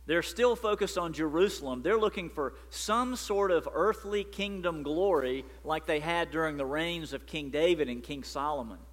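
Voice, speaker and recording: A man's voice: a little high, normal speed, hardly any pauses, fairly bright tone. Man preaching in a reverberant hall. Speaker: pastor. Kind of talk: sermon.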